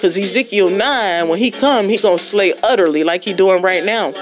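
A woman's voice: mid-range voice, normal speed, music in the background. A woman giving an impassioned, exhorting testimony as a religious vlogger, repeating herself for emphasis. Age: adult with a child and parents. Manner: fervent, exhorting, repetitive.

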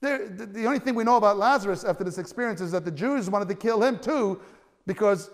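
A man with a high, light voice preaches a sermon in a reverberant church hall. He speaks in a lively, conversational way, stumbling over restarts and rising to loud cries at the climaxes. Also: fast talker. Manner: stammering restarts, conversational asides. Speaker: pastor.

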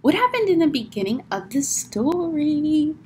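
A woman's voice: high voice, big pitch swings, normal speed, a little hiss or hum. A woman teacher reading a picture book aloud to children, acting out the sound words and stopping to ask the class questions.

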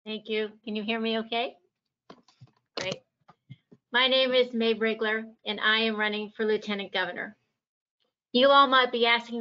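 A woman's voice: fairly high pitch, fairly even intonation, moderate pace, long pauses. A woman from Virginia giving a passionate, emphatic campaign speech as a candidate at a forum. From Virginia, USA. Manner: passionate, emphatic stump speaking. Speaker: political candidate. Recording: dull lo-fi audio.

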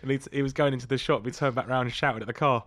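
A man's voice: mid-range voice, steady tone, racing, a bit bright, no echo. A man co-hosting a comedy podcast, telling overheard stories in a laid-back, wry way. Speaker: podcast co-host. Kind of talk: casual comedic chat.

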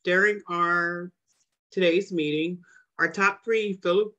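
Bright-voiced woman giving a brief report. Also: fairly low pitch, fairly even intonation, slow, highs cut off. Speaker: filler-word counter. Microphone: video call.

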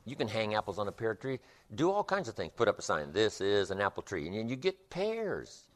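A man delivers a motivational speech with emphatic, rhythmic repetition. His voice sits low and swings widely in pitch. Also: wildly swooping pitch, a little fast. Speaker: motivational speaker.

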